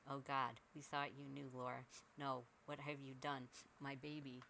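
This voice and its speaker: A man's voice: mid-range voice, flat delivery, normal speed, creaky, bright, forceful tone, slight background noise, rough recording. A man voicing a distraught middle-aged mother who pleads tearfully, in a narrated horror story. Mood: pleading. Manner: pleading, emotional.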